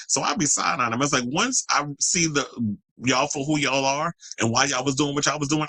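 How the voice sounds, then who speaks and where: A man's voice: mid-range voice, a bit bright, husky, no room sound, poor audio. Guy ranting on his stream, cussing a lot, combative, dry close mic. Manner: profane, combative, talks straight to viewers. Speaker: host. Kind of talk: ranting live-stream commentary.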